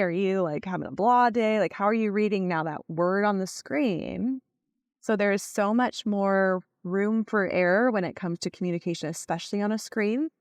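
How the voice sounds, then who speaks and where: A woman hosting a podcast in a chatty, casual way, full of fillers and quick tone demos. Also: on the low side, a little mellow, no room sound, clean studio sound. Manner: chatty, with many fillers, acts out tones of voice. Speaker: podcast host. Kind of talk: casual solo podcast talk.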